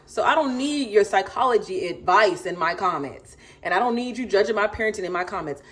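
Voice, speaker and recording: A woman in her thirties, a mother of four, ranting to camera in an emphatic, sassy way and repeating herself for stress. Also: medium pitch.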